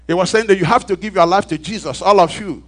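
A man with a Nigerian accent preaching a storytelling sermon, dropping to hushed asides and rising to loud emphatic calls, asking the congregation for responses. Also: high-pitched, fast talker.

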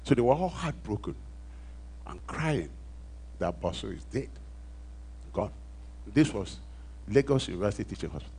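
A man with a Nigerian accent preaching a storytelling sermon, dropping to hushed asides and rising to loud emphatic calls, asking the congregation for responses. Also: on the low side, very animated, moderate pace, long pauses, breathy edge.

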